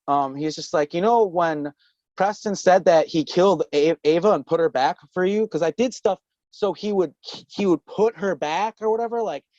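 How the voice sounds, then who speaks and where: A man's voice: high voice, moderate pace, darkish tone, no room sound. Brief: male guest, rambling casual storyteller, curses freely, dry and dull remote audio. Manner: rambling, profane, laughing often. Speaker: podcast guest.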